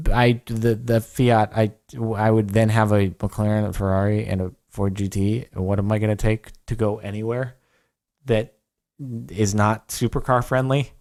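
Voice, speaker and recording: A man's voice: medium pitch, gravelly. A young man answering viewer questions on a livestream in a casual, rambling way, with lots of fillers and dry humor.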